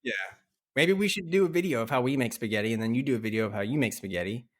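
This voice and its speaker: A man co-hosting a casual podcast chat, playful and quick to laugh, repeating words as he tries them out. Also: mid-range voice. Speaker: podcast co-host.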